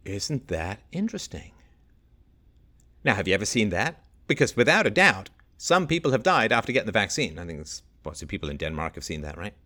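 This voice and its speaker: A man's voice: on the low side, sing-song, a little fast, sharp tone. A middle-aged man hosting a solo livestream, reading news aloud and picking at it with sarcastic, exasperated rhetorical questions. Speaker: livestream host.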